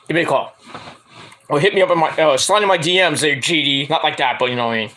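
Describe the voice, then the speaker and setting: A man hosting a casual wrestling news stream, rambling, joking and swearing, his voice hoarse from hours of screaming. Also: a little high, fast talker, long pauses, fairly bright tone. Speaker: stream host.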